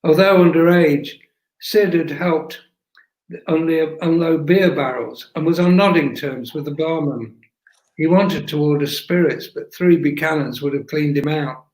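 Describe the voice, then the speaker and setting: A man reads a story at an unhurried, deliberate pace. His voice sits slightly high, and the recording has a noticeable room echo. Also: darkish tone. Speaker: narrator. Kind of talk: audiobook reading. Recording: echoey room.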